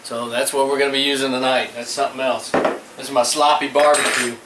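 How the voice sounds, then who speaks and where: A brisk, level-toned man with a mid-range voice chats casually while cooking on his backyard grill. He's a middle-aged Gulf Coast home cook vlogger, relaxed and talkative with his viewers in a laid-back cooking vlog. Distant, roomy audio carries a faint hum of background noise.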